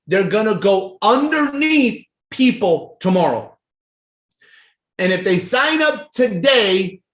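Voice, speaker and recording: A man giving a sales training talk, acting out the dialogues of a sales pitch in an animated way. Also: reverberant.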